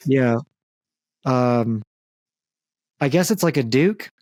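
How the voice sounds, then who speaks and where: A man's voice: mid-range voice, animated, slow, a little mellow, no room sound. Loose, joking male podcast host. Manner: joking, loose, frequent fillers and profanity. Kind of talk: casual comedic chat.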